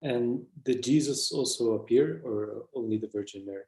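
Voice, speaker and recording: A man's voice: medium pitch, moderate pace, dark tone. A man asking the guest a brief question as the interviewer. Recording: roomy echo.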